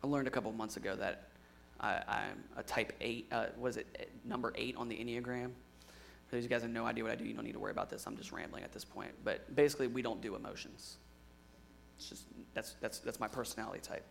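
A young adult man preaching a sermon in an earnest way, moving from emphatic lines to quiet, hushed ones. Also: medium pitch, steady tone, quick pace, creaky, a little hiss or hum. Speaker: pastor.

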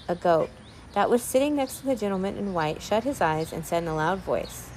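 A woman reading a children's classic aloud, pausing with ums to explain old words. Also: on the low side, a little mellow, a little hiss or hum. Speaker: reader.

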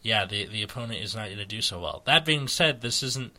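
A man's voice: fairly low pitch, expressive, fairly quick, sharp tone. An American man co-hosting a casual chat, rambling with many fillers and restarts. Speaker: podcast co-host. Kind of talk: casual chat about a card game.

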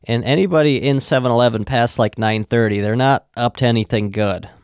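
A young man hosting a podcast who tells rambling, profane stories in a deadpan, casual way. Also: medium pitch, a little fast, clean tone, no room sound, clean studio sound. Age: young adult. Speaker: podcast host. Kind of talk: casual storytelling.

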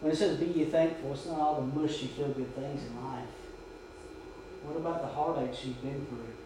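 A man's voice: on the high side, fairly even intonation, normal speed, noisy background. Man, pastor, sermon, echoey church, distant mic. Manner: storytelling, shouting quoted drill commands. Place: church sanctuary.

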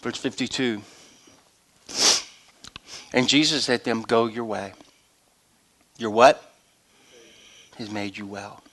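An older man, a pastor, preaching a sermon with animated storytelling that swings between loud and hushed. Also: fairly low pitch, slow, long pauses.

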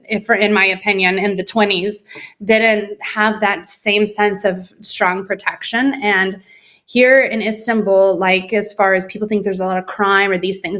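Woman guest from the US, lively storyteller who acts out quoted dialogue, casual interview. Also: medium pitch.

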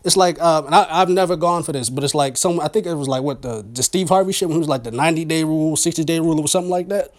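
A man's voice: fairly high pitch, rapid-fire, hardly any pauses. A man hosting a podcast in casual chat, teasing and laughing often as he talks, with in his speech. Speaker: podcast host.

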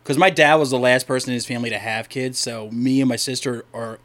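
A man's voice: mid-range voice, fairly even intonation, quick pace, fairly bright tone. A young man from Delaware co-hosting a podcast, telling long, profane, rambling stories in casual chat. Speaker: podcast co-host.

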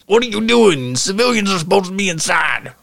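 A man voicing an indignant Southern ship guard, shouting in a high, strained voice. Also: very animated, brisk, creaky, no room sound, heavily acted.

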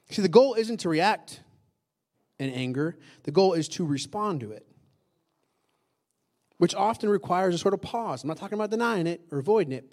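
A man preaching a sermon to a congregation in a conversational style, often asking the room questions and repeating key lines for emphasis. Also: sits high. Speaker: pastor.

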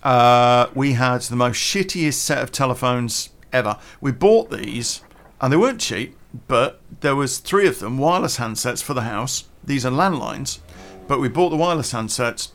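A British man hosting a podcast rants casually and bluntly in a medium-pitched, somewhat bright, expressive voice at a moderate pace. He swears freely, chews gum while talking, and says "you know" a lot in his chatty style.

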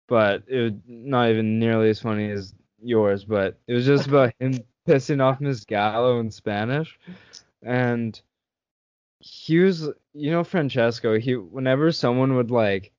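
Young male host, animated anecdote teller; dry, slightly muffled recording. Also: medium pitch, dry recording. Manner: animated storyteller, laughs often. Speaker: podcast host. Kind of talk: casual storytelling chat. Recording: slightly dull dry sound.

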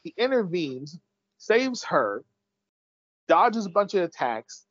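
A man's voice: sits high, very animated, slow pace, a bit bright, dry recording. A man co-hosting a casual chat, eagerly recapping a story, swearing freely and acting out the characters' lines. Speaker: podcast co-host recapping an episode. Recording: dull lo-fi dry sound.

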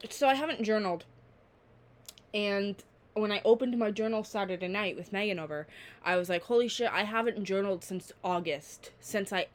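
A nineteen-year-old woman hosting her own podcast, chatting alone in a rambling, candid way and swearing freely. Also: medium pitch. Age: late teens. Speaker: podcast host. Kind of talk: casual solo podcast chat.

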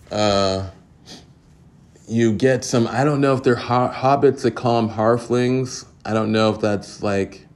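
Profane, rambling podcast man with lowish voice. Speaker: podcast host. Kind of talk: casual solo review.

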